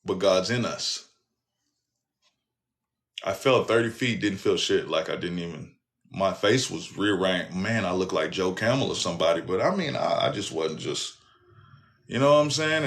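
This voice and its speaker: A man hosting a casual talk show, telling a personal story in an animated, profane way and speaking straight to his listeners. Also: low-pitched, normal speed, creaky. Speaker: host.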